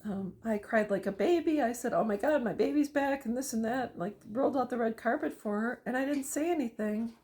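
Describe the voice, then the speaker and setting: A woman's voice: fairly high pitch, darkish tone. A middle-aged woman telling a personal story and giving emphatic advice to other parents in a monologue. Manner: emphatic, storytelling, lists items deliberately. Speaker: parent vlogger.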